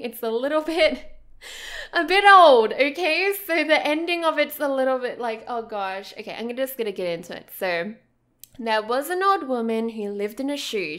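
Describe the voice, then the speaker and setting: A woman's voice: a little high, a bit bright. A young Australian woman chatting in a casual, bubbly, rambling way as a game YouTuber. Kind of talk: casual vlog commentary.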